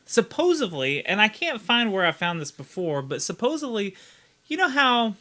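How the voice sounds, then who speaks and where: Podcast co-host, male, bright and slightly high, loose rambling delivery. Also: very animated, normal speed. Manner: rambling, stops and restarts, laughs at his own points. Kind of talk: casual group podcast chat.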